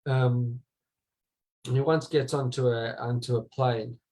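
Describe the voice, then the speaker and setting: A man's voice: medium pitch, fairly even intonation, slow, a little mellow, low-quality recording. A man teaching a small group in an informal talk, often stumbling and repeating his words. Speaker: rabbi teaching a class.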